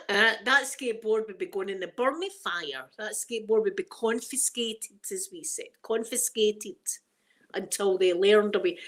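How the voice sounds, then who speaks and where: A woman's voice: mid-range voice, fairly bright tone. A middle-aged woman with a Glaswegian Scottish accent, hosting a casual ASMR chat and rambling through stories full of local slang. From Scotland. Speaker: ASMR channel host.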